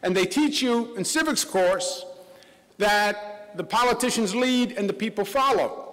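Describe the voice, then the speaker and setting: A man's voice: high-pitched, measured pace, a bit bright. A middle-aged man with a Queens New York accent, giving a governor's speech in a loose, conversational way full of asides and restarts. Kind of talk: public policy speech. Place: large college auditorium. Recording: long reverb of a big hall.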